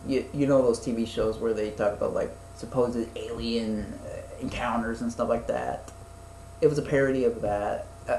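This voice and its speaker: A man's voice: mid-range voice, a little mellow, reverberant, slight background noise, poor audio. A young man chatting casually as a podcast co-host, rambling with lots of fillers, restarts and swearing. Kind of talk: casual chat.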